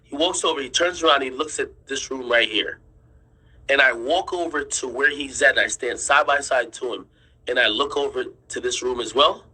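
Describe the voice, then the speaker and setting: Male streamer, bright, edgy husky tone, casual swearing storyteller. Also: medium pitch, normal speed, low-quality recording. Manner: insistent, repeats himself, swears freely; draws on screen while explaining. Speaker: streamer and commentator.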